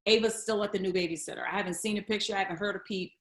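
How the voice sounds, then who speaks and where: A woman, a guest comedian, telling a candid personal story in a chat, acting out the voices of the people in it and swinging between hushed and loud. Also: mid-range voice, steady tone, rapid-fire, roomy sound.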